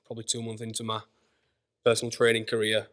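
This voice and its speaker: A man's voice: on the low side, completely flat delivery, fast, fairly bright tone. A man with a Yorkshire accent, a personal trainer, talking as a podcast guest in an easygoing, loose way with many fillers. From Leeds, England. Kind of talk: casual podcast chat. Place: gym.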